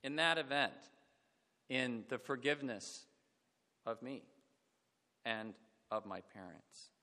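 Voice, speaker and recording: A middle-aged man preaching a reflective sermon, falling to a hush on sad points. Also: medium pitch, slow. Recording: long hall reverb.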